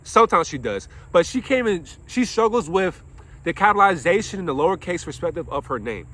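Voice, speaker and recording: Impassioned young man with a high voice. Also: sing-song, brisk, a bit bright. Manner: preachy, asks himself questions and answers them; swears while venting. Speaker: after-school counselor. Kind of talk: impassioned monologue to camera.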